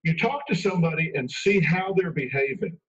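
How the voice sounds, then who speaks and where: A man's voice: fairly high pitch, animated, a little fast, fairly bright tone. A man speaking as an expert guest in a radio interview, emphatic and conversational, acting out quoted lines. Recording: dull radio broadcast from far off.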